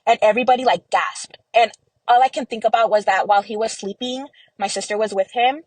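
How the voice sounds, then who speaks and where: Her voice sits a little high, with a brisk pace and a darkish tone, captured in a low-quality recording with no room sound. The young Texan, a guest on a podcast, speaks into a close mic about a painful family episode, performing what others said and peppering it with "like." The telling is personal and emotional.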